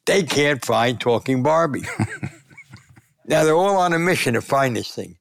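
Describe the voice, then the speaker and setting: An older man, a sportswriter, telling lively anecdotes in an interview and acting out the quotes. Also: medium pitch, a little slow, vocal fry, no room sound. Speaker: sportswriter and columnist. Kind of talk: storytelling in a conversational interview.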